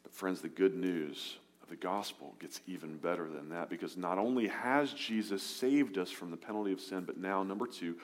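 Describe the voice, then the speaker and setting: A man preaching a sermon to his congregation, earnest, rising for emphasis and dropping soft and low on key words. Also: moderate pace, few pauses. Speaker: pastor.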